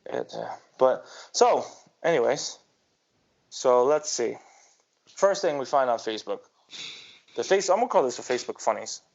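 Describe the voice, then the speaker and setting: A man with a gravelly, mid-pitched voice co-hosts a casual sports podcast. He rambles and rants, restarting his sentences as he goes. The audio is dull and lo-fi. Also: animated, normal speed, long pauses, darkish tone. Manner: rambling, ranting, with frequent restarts. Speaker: podcast co-host.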